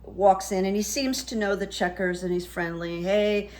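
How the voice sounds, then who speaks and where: A woman's voice: medium pitch, moderate pace, a little mellow. A middle-aged woman, a psychic, chatting casually on her vlog in a rambling, storytelling way full of fillers. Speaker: psychic YouTuber.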